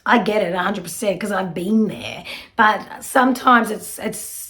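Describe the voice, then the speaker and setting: A middle-aged woman, giving a spiritual card reading in a soft, earnest, reassuring way with many fillers. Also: mid-range voice, measured pace. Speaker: psychic card reader.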